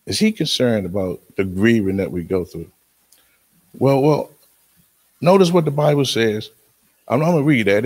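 A man with a fairly low voice delivers a funeral sermon with Bible readings. He talks haltingly, restarting phrases often, then lifts his voice sharply for emphasis. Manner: halting, with frequent restarts and sudden emphatic rises. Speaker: speaker at a funeral, uncle of the deceased. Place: funeral service.

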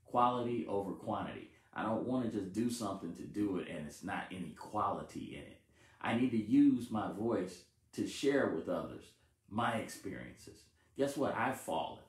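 A man's voice: lowish voice, echoey room. A married man preaching a sermon, repeating phrases with emphasis and stumbling over words now and then. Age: adult, married with family. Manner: repetitive, emphatic call-and-response preaching with stumbles.

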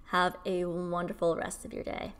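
A woman's voice: fairly low pitch, completely flat delivery, normal speed, clean tone. A young adult woman giving a casual spiritual teaching to camera, chatty with frequent fillers. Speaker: spiritual healing coach.

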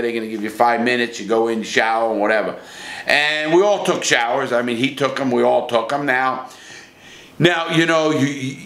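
A man's voice: medium pitch, a bit bright. A middle-aged man bluntly recounting his time in prison in a casual, profane, rambling way, full of restarts. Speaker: ex-prisoner storyteller. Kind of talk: casual first-person storytelling. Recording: echoey room.

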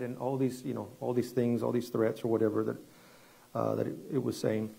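Pastor guy preaching, kinda husky, warm low tone, lots of restarts. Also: little pitch movement, fairly quick. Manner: conversational, repeats words and restarts, drops quiet for dramatic story moments. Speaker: guest pastor. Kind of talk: sermon with storytelling.

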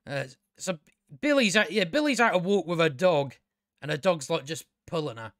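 A man's voice: on the high side, expressive, normal speed, fairly bright tone, no echo, studio quality. A man giving a casual, rambling review of a TV episode, chatty, with frequent restarts and casual swearing. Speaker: TV review channel host.

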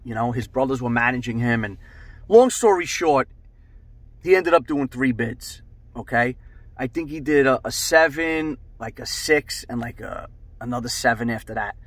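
悪態まじりに語る中年男性. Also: male voice, medium pitch, normal speed, dry recording. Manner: profane, rambling, animated. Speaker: host. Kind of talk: casual storytelling.

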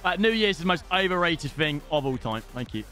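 A young British man commentating live on his own gameplay, excitable and casual, swearing freely and shouting at big moments. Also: fairly high pitch, brisk, over loud music. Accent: British English. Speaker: gaming streamer.

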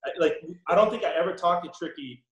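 A man's voice: high-pitched, fast talker, roomy sound, muffled recording, crowd noise. A man with a Boston accent, a podcast guest who is a hockey player, chatting casually with lots of ums. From Boston area. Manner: relaxed, lots of ums and laughs. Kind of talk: casual chat.

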